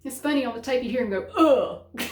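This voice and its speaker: A woman's voice: on the high side, animated, fairly quick, slight background noise. A middle-aged woman from the American South with a Southern accent, chatting casually in a vlog and laughing often. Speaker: vlogger. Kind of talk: casual chat. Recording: roomy echo.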